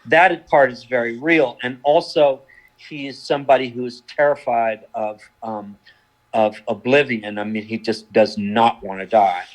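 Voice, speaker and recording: An older man, an actor giving thoughtful, wry answers in a relaxed interview, pausing and restarting as he thinks. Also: mid-range voice, rough recording. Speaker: actor guest.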